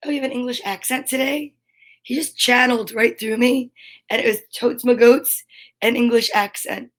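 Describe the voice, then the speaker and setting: High-voiced woman hosting a kids' show. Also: fairly even intonation, moderate pace. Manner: cheerful, goofy, reads out long lists of names. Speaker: host of a kids' story time show. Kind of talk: casual chat to children.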